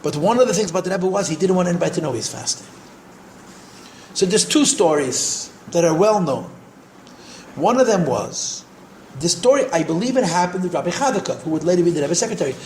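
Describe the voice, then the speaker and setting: An older man, a rabbi, telling stories in a repetitive, animated way and sprinkling in Yiddish and Hebrew terms. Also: high voice, brisk, slight background noise. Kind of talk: storytelling talk. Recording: echoey room.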